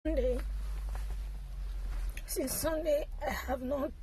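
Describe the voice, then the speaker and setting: A young woman with a high voice speaks through tears in a quiet personal diary clip. She sinks to a near whisper as she tells herself she will pass, with faint ambience behind her. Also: fairly even intonation, unhurried, a little hiss or hum, low-quality recording. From Nigeria. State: tearful, crying.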